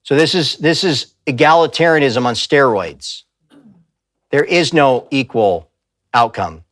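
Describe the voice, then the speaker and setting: A man's voice: medium pitch, lively intonation, unhurried, fairly bright tone, dry recording, clean studio sound. A man giving a live talk in a church, speaking emphatically and telling stories with quoted voices. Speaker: pastor and speaker. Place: church sanctuary.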